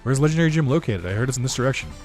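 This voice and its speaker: A man chatting casually as he plays a video game, his voice pitched in an ordinary middle range. He rambles in a loose, laid-back way, full of "like" and "uh", with the odd curse word. Quiet game music plays underneath. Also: expressive, racing. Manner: rambling and laid-back, with frequent fillers and swearing. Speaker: let's play commentator. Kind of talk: casual gaming commentary.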